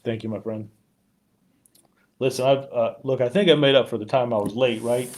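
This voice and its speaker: A man, a police chief, talking warmly and haltingly on a live community stream, choked up at times and full of fillers. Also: medium pitch, steady tone, noisy background. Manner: heartfelt, rambling, frequent fillers. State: choked up with emotion.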